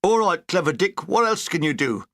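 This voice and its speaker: A man's voice: sits high, sing-song, moderate pace, fairly bright tone, heavily acted. A man doing a grumbling reluctant soldier. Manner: grumbling, sarcastic.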